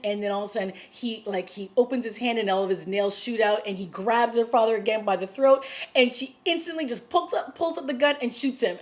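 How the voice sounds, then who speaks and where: Chatty woman recapping a TV episode. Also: mid-range voice. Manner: chatty, full of "like" and "you know"; gets excited at dramatic moments. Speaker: TV show recapper.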